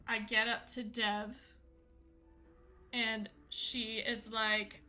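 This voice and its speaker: A woman streamer chatting through a casual story, giggly and full of little fillers. Her voice is bright and fairly high, and she takes her time, unhurried. Faint music sits beneath her. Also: flat delivery. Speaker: gaming streamer.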